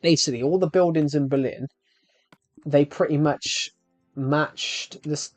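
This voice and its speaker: A man's voice: on the high side, measured pace, darkish tone, dry recording, soft background music. A man streaming live, chatting in a rambling, casual way and talking straight to his viewers. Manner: rambling, addresses viewers directly. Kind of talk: casual live-stream chat while gaming.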